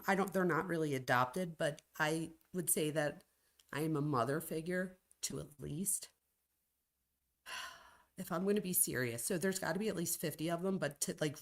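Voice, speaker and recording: A woman in her forties hosting a casual livestream, reading out viewer comments in a chatty, gushing way, with sudden excited jumps in pitch. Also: moderate pace. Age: 40s. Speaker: livestream host and college professor.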